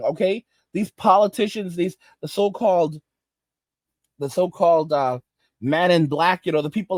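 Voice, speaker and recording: A man's voice: high voice, darkish tone, no echo. Angry ranting male commentator. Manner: angry, repetitive, emphatic. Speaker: host.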